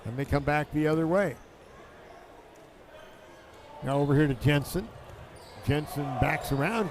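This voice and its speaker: A man calling a basketball game play by play, excitable and quick in bursts. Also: fairly high pitch, noisy background. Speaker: play-by-play announcer. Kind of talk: live basketball commentary.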